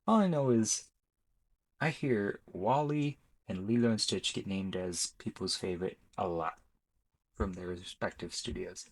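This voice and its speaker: A man's voice: sits low, unhurried, poor audio. A young man giving chatty, rambling commentary as he ranks films on his channel, often correcting himself mid-sentence. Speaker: YouTuber ranking films. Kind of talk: casual commentary.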